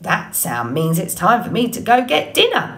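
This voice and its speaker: A woman voicing an excitable, chatty male beaver in a storybook reading, with a high, squeaky, eager voice. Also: moderate pace, gravelly. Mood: friendly.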